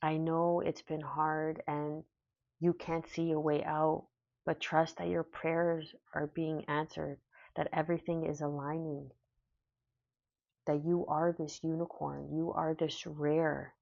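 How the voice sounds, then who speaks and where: Soft-spoken low gravelly woman. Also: level tone, no room sound. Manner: soft, slow, emotional and affirming. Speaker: tarot reader. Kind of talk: spiritual tarot reading. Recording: dull, lo-fi sound.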